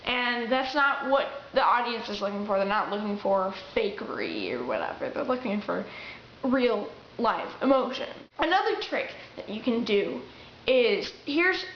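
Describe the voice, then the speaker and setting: A woman's voice: medium pitch, big pitch swings, unhurried, slight background noise. Young woman, casual chatty vlogger; lo-fi camera audio in an echoey room. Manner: chatty, with restarts and acted-out quotes. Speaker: vlogger giving acting tips. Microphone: camera mic. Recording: roomy, dull lo-fi camera audio.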